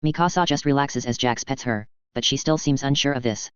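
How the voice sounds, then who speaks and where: Man, audiobook narrator, even reading, dry dull sound. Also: mid-range voice, a little fast, smooth, no echo. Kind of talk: reading fan fiction aloud.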